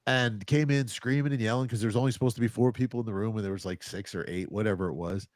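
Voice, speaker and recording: A man in his fifties casually telling a rambling, animated anecdote, often chuckling as he goes. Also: lowish voice, fast talker, no room sound, studio quality. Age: 50s. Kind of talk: casual storytelling.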